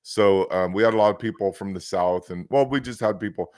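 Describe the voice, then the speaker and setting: A man's voice: sits low, brisk, a little mellow, dry recording, studio quality. A man with a West Coast American accent hosting a casual podcast, telling rambling stories full of restarts. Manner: rambling, chatty storyteller with many restarts. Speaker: host.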